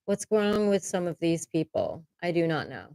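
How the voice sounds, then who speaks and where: Woman, livestream host at home; low-ish, dry, candid and chatty. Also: big pitch swings, moderate pace, gravelly, dark tone, no echo. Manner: candid and chatty, swears casually, laughs often. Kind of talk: casual livestream chat. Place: home room. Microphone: desk microphone.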